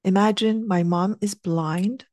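A middle-aged woman telling a heartfelt personal story, earnest and animated, sometimes dropping to a soft hush. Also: mid-range voice, slow, no echo, clean studio sound. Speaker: speaker sharing a personal story.

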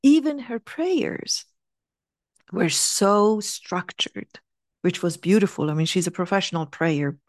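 A middle-aged woman telling a heartfelt personal story, earnest and animated, sometimes dropping to a soft hush. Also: on the low side, takes it slowly, no room sound, clean studio sound. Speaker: speaker sharing a personal story.

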